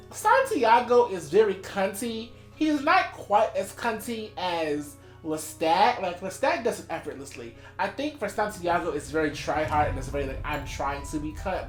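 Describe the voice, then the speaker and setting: Low-voiced woman in an echoey room. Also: normal speed. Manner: animated storyteller acting out quotes. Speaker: podcast co-host. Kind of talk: casual chat, retelling scenes. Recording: echoey room with faint music.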